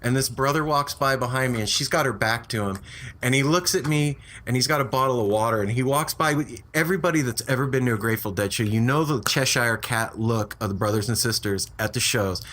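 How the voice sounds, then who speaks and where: A middle-aged man, a podcast guest, telling a story in an animated casual way, with stammering restarts as he sets up scenes. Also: mid-range voice, brisk.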